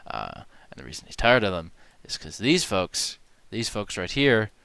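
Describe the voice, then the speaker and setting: A man with a very low but bright, ringing voice hosts a parody commentary. He rambles and hesitates through mock-serious conspiracy talk, full of fillers and asides, keeping a deadpan tone. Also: normal speed, gravelly, clean tone, no echo. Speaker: video host.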